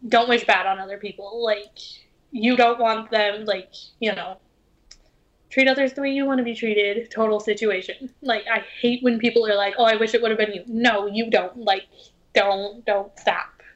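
A woman's voice: medium pitch, fairly even intonation, unhurried, dull audio. A woman on a podcast speaking earnestly and hesitantly, with many fillers. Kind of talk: casual podcast chat.

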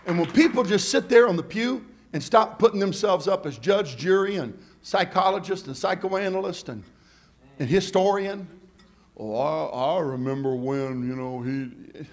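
A middle-aged pastor preaching in church, his voice sitting a little high for a man. He drops into easy, joking asides, then climbs into shouted calls that draw answers from the pews. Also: animated, moderate pace. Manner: preaching with call-and-response, building to shouts; humorous, conversational asides. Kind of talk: sermon. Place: church sanctuary.

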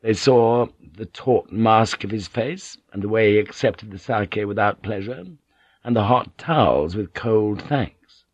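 A man narrating an audiobook in a measured storytelling manner. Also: fairly low pitch, breathy edge, no room sound, highs cut off. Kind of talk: scripted narration.

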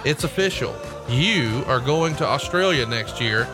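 A man's voice: medium pitch, animated, unhurried, over music. Man, upbeat podcast co-host, promotional, casual. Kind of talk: casual podcast chat with ad reads.

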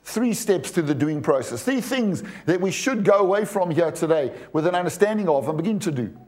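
A man in his forties delivers a sermon in a high voice. He talks emphatically, stumbles over repeated words and keeps asking the congregation questions. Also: a little mellow. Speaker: preacher.

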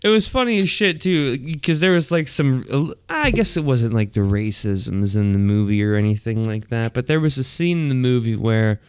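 A man's voice: medium pitch, lively intonation, normal speed, few pauses, clean tone, dry recording, studio quality. Crude, laughing podcast host man. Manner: crude, profane, laughs often while talking. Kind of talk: casual podcast chat.

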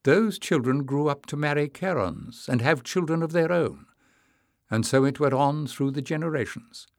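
A man voicing a calm, commanding village matriarch. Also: fairly high pitch, normal speed, vocal fry, no echo, clean studio sound, voice pushed up. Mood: composed. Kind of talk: audiobook character reading.

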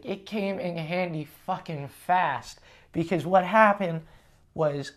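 Profane ranting young man telling a story. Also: high-pitched. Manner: profane, ranting, self-mocking. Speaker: podcast host. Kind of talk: casual storytelling monologue.

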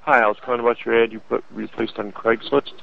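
A man calling about an ad, gruff and plain-spoken, heard over a tinny phone line. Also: medium pitch, level tone, quick pace, slight background noise. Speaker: caller answering an ad. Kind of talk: leaving a voicemail.

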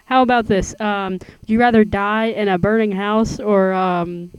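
A woman hosting a podcast, asking easygoing questions with plenty of fillers. Her voice is smooth and clear at mid pitch. The sound is dry and close. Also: steady tone, unhurried, no echo, poor audio. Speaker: podcast host. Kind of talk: casual chat.

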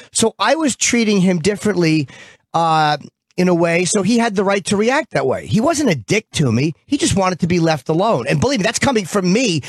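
A man hosts a radio show from a studio, his voice sitting high in a dry recording. He tells animated stories in blunt, profane language, the talk loose and bantering.

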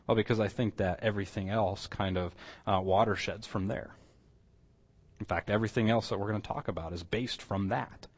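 Pastor guy teaching church class, lowish voice, chatty, keeps checking with the room. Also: fairly even intonation, fairly quick, slightly rough. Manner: conversational, asks the room questions, restarts phrases. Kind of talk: sermon teaching, closing in prayer.

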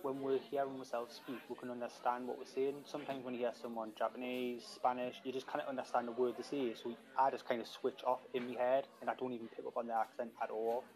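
A man's voice: mid-range voice, little pitch movement, quick pace, hardly any pauses, a little mellow, low-quality recording. A man with a Geordie accent from Newcastle co-hosting a podcast in plain, self-mocking casual chat. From Newcastle, England. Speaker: podcast co-host.

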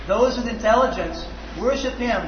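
A man with a fairly high voice reads verse translations in a steady, even manner. The sound is an old, dull recording with clear hiss, and the voice rings in a large hall with long reverb. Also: moderate pace. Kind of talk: reading translations aloud. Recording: echoey hall, hissy lo-fi tape.

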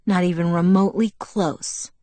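A woman reading the lines of a furious teenage girl in an audiobook, with sharp, angry retorts. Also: lowish voice, steady tone, normal speed, no room sound, natural voice. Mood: cold. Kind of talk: audiobook dialogue.

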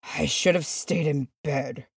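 A woman reading aloud and voicing a weary old dwarf king who speaks slowly. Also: sits low, flat delivery, a little mellow, dry recording, studio quality, distant mic. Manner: weary, slow.

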